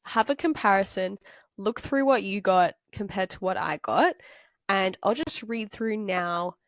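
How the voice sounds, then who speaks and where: A woman's voice: mid-range voice, expressive, measured pace, no room sound. Young woman from Australia as a chatty tutor thinking aloud; plain mid-range voice, dry close mic. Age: young adult. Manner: chatty, thinks aloud with fillers and self-corrections. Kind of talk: talking through a worked example.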